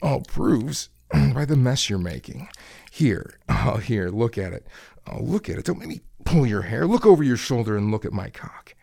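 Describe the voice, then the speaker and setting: A man playing a domineering, crude male kitchen coworker in an adult audio role-play, taunting and commanding in a husky voice with breathy asides. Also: mid-range voice, sing-song, moderate pace, warm tone, dry recording, studio quality, exaggerated voice.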